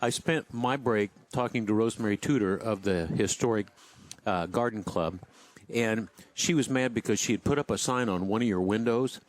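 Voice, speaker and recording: A man's voice: on the low side, moderate pace, no room sound. A man co-hosting a radio show, chatty and teasing the others. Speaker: radio co-host. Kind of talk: casual radio chat.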